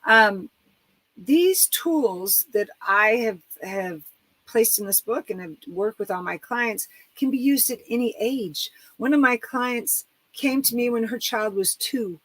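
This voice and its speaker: Animated middle-aged woman telling stories. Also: on the high side, slow pace, dry recording, low-quality recording. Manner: animated storyteller, acts out quoted voices. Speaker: author and coach. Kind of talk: casual interview talk.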